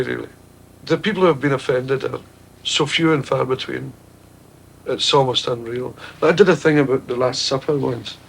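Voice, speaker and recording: A man's voice: mid-range voice, creaky, fairly bright tone, a little hiss or hum. A Glaswegian Scottish man answering interview questions in a thoughtful, wry, slightly hesitant way. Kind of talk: reflective interview talk.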